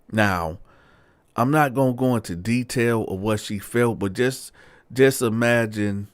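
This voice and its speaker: A man's voice: on the low side, no echo. Man telling a story in a dry, close voice. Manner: profane, addresses listeners directly. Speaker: storyteller host. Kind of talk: casual storytelling.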